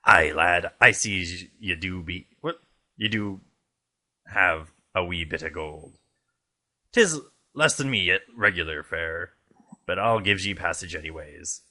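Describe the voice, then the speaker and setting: Hearty pirate captain, deep, gravelly, bright edge, played by a man. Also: a little slow, exaggerated voice. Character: boisterous middle-aged male pirate captain.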